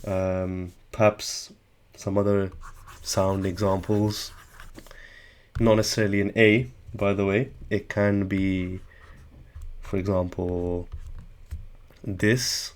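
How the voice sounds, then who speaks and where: Male language tutor, lowish voice, patient step-by-step explaining with self-corrections. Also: little pitch movement, slow pace, pauses often. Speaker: language teacher.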